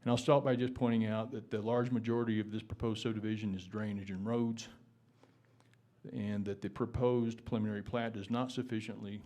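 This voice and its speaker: A man with a Texan accent speaks in a lowish voice as he testifies before a town board. He stumbles and repeats words, then reads out ordinances in formal legal terms. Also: level tone, fairly quick, warm tone. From Texas. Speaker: public commenter. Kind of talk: public testimony at a town meeting.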